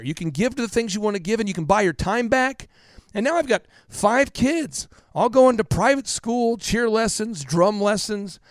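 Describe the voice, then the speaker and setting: A man in his thirties tells stories as a podcast guest. He pushes his points with emphatic repetition and sinks to a hush in tender parts. His voice sits slightly high and sounds close and dry. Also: no room sound. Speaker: podcast guest, business coach. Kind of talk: impassioned storytelling interview.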